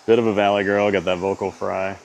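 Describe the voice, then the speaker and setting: Low-voiced Louisiana man live-streaming. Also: a little fast, vocal fry, slight background noise. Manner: relaxed, greets chat viewers by name. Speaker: theme park live-streamer. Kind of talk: live-stream chat reading. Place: outdoors at a theme park.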